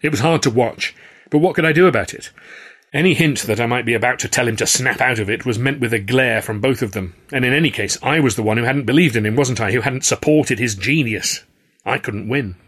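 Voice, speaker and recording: Husky-voiced male storyteller. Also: mid-range voice, a little fast, a bit bright. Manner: wry, storytelling. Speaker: author and narrator. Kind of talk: audiobook narration, first person.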